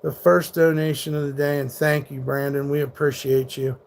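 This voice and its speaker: A man's voice: a little high, level tone, moderate pace, creaky, slight background noise. A man in his thirties hosting a live stream, reading chat aloud and arguing with hecklers, blunt and full of swearing. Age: 30s. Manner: combative, profane, rants back at hecklers. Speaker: livestreamer.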